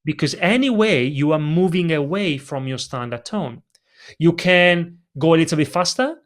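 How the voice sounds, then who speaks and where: Guy with a foreign accent coaching on presenting, animated, slightly high voice, video call. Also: moderate pace. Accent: non-native English. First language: not English. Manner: animated, demonstrates vocal emphasis. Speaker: presentation coach, podcast guest. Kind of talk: instructive interview answer.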